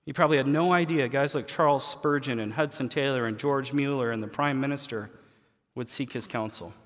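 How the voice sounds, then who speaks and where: Folksy preacher in a reverberant hall. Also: male voice, medium pitch, fairly quick. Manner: folksy, colloquial, swings between quiet and loud. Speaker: pastor. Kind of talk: sermon. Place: church sanctuary.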